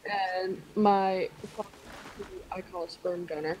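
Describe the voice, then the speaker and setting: A woman telling a childhood story in relaxed casual chat on a live stream. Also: fairly low pitch, unhurried, noisy background.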